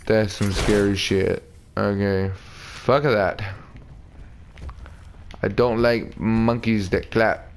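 Gravelly slow-talking gamer. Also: male voice, fairly low pitch, steady tone, slight background noise. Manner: joking, crude, talks back to the game. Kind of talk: casual let's play commentary.

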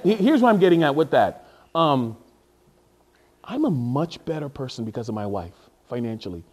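A man preaching a sermon as a pastor, animated and jokey, often stopping to repeat and restart his words. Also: medium pitch, moderate pace.

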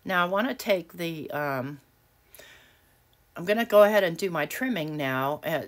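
A woman hosting a casual crafting tutorial at her home desk, chatty and self-deprecating, often laughing at herself. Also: low voice. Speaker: craft video host.

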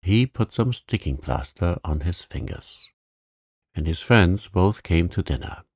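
A man gently reading a children's story aloud as a calm sleep story for adults. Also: deep voice, unhurried, dry recording, clean studio sound.

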